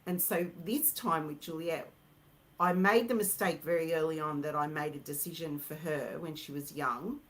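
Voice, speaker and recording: A woman's voice: deep voice, moderate pace, fairly bright tone, poor audio. A middle-aged woman, a mother who is a guest, speaking reflectively in a casual conversation.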